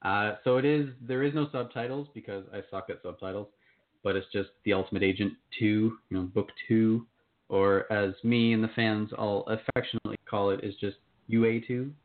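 Man, author guest, lowish voice, enthusiastic casual chat, phone-line sound. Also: fairly even intonation, moderate pace.

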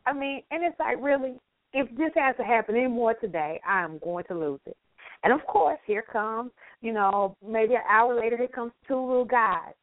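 A woman co-hosting a casual talk show, a teacher telling a story with lively acted-out voices. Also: fairly high pitch, moderate pace, no echo. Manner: animated storytelling, acts out voices. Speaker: co-host. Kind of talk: casual radio chat. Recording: dry phone-line audio.

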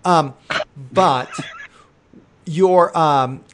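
A man's voice: on the high side, very slow, noisy background. Joking man hosting a casual chat. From Milwaukee. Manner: joking, rambling with fillers. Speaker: podcast host.

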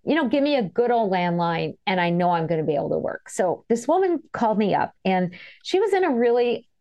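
A middle-aged woman, an author and guest in an interview, telling stories in a chatty, animated way and laughing as she goes. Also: medium pitch, a little fast, lo-fi sound. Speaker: author and energy healer guest. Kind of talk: casual storytelling interview.

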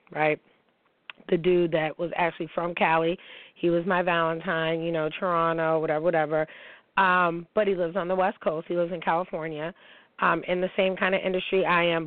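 A woman's voice: on the low side, no room sound. A woman hosting a personal talk show, telling her story in a candid, profane monologue full of fillers. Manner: frank and profane, many fillers. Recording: tinny phone-like sound, dry.

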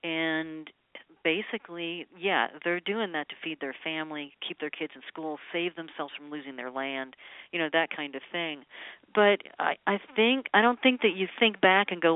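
A woman's voice: sits low, moderate pace, smooth, no echo. Chatty woman on a tinny line. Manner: chatty, rambling with many ums. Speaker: guest singer-songwriter. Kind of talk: casual interview chat.

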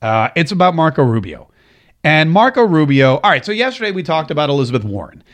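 A man's voice: on the high side, sing-song, fast talker. A male talk radio host delivering a political monologue, sarcastic and emphatic, repeating phrases for effect.

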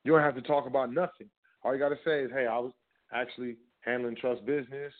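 Man, show host, casual instructional talk, emphatic, mid-pitched voice, tinny phone-like sound. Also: steady tone, fast. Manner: conversational and emphatic, with repeated filler phrases. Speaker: podcast host. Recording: phone-like narrow band audio.

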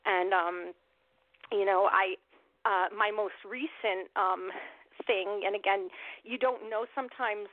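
A woman's voice: medium pitch, fairly even intonation, slow, no echo. Emotional woman on a tinny phone line. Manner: emotional, rambling, many fillers and restarts. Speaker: guest, animal rights activist. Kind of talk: telling a personal story in an interview.

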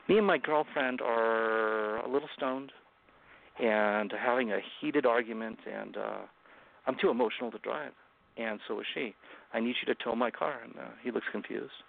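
Guest author, male, gravelly voice, earnest halting delivery, tinny call audio. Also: on the low side. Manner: earnest, halting retelling with many restarts. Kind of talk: personal storytelling in an interview. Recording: phone-like remote call line.

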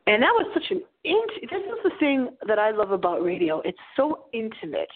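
A woman's voice: a little high, big pitch swings, normal speed, slight background noise. A woman in her forties hosting a paranormal radio show, speaking into a small microphone with a dramatic storytelling delivery. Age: 40s. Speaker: radio host. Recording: tinny phone-like audio.

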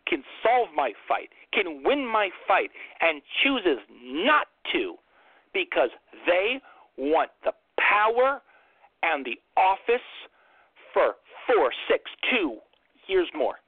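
A man's voice: fairly high pitch, husky, no echo. A man hosting an impassioned political monologue, ranting fiercely and firing off rhetorical questions, over a tinny phone-like line. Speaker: host.

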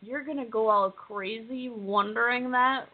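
A woman's voice: a little high, steady tone, measured pace. A woman co-hosting a podcast, chatting casually and bluntly. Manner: blunt, dismissive. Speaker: podcast co-host. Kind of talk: casual chat recapping a reality show. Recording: tinny phone-like line.

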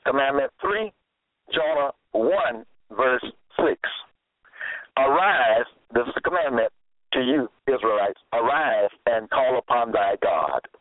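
A man delivers a sermon in an unhurried, deliberate way, pressing and scolding his listeners and returning to the same phrases again and again. His fairly high voice rises and falls with real animation. It comes through a narrow, phone-like line with a dry, close sound. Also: animated, dry recording. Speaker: preacher.

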